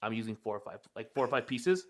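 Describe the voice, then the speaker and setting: A man's voice: medium pitch, lively intonation, quick pace, a bit bright. A young man in casual podcast chat, telling a rambling story with plenty of swearing.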